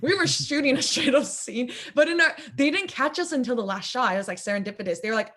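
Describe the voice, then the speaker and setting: A young adult woman speaking as a filmmaker guest in a casual interview, chatty and animated, her voice gone squeaky from a lot of talking. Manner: chatty, animated, quick asides.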